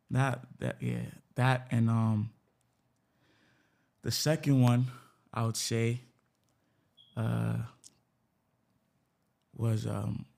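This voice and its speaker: A man from Africa, a podcast guest, telling personal stories in a candid, halting way as he searches for words. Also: fairly low pitch, vocal fry, warm tone. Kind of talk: casual personal storytelling.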